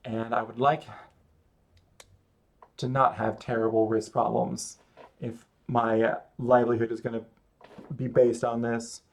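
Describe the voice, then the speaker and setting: A man's voice: medium pitch, level tone, measured pace, creaky, pauses often. A male streamer talks loosely as he draws, narrating every step. He rambles and pokes fun at his own mistakes in an easy, conversational way. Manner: rambling, self-mocking running commentary. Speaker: streamer drawing live. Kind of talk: casual chat while drawing.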